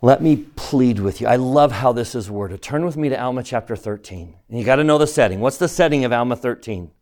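A man's voice: medium pitch, fairly quick, darkish tone. A man teaching a scripture class, earnest and pleading, often asking the students questions. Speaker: religion teacher.

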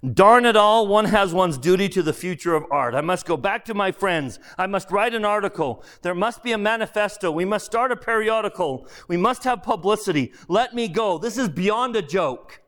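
A man's voice: high voice, lively intonation, moderate pace, few pauses, fairly bright tone, voice pushed up. A man reading aloud as a vain, peevish painter's ghost, a self-important man who frets about his reputation. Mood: agitated.

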